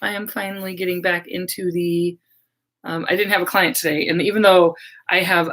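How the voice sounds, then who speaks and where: A middle-aged woman who works as a medium, chatting casually on a livestream with her viewers, rambling and laughing often, her voice a little hoarse. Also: fairly low pitch, level tone, moderate pace, fairly bright tone. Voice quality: slightly hoarse.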